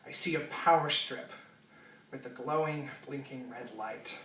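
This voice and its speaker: A man's voice: mid-range voice, a little slow, reverberant, distant mic, background noise. A man telling a funny personal story live, casual and laughing, with lots of fillers and swearing.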